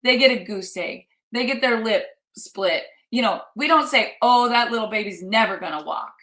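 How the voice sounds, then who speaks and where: A woman's voice: fairly high pitch, moderate pace, a bit bright. Earnest woman coaching in a roomy space. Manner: earnest, emphatic, repeats for effect. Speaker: life coach. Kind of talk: motivational live talk.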